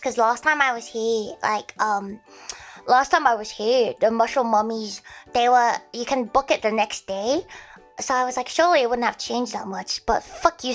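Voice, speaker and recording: An Australian woman chatting casually on a livestream, playful and prone to shrieking, giggly laughs. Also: a little high.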